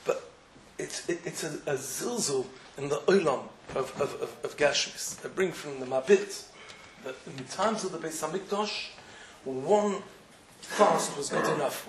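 A man's voice: a little high, roomy sound, a little hiss or hum, rough recording. Man, rabbi, sermon, impassioned, faint room ambience. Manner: impassioned, rising to emphatic questioning.

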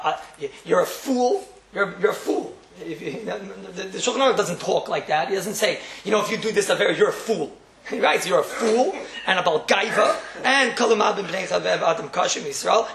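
A man's voice: sits high, creaky, a bit bright, slight background noise. A man teaching a Torah class, emphatic, repeating key phrases and chuckling as he explains. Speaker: rabbi teaching a morning class. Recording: roomy echo.

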